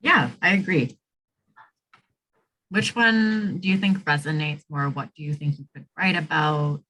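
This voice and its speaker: Deep-voiced, husky woman counselor. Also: a little slow, fairly bright tone, poor audio. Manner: guiding, asks lots of checking questions. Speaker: admissions essay counselor. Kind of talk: coaching a student on an essay over a video call. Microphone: video call.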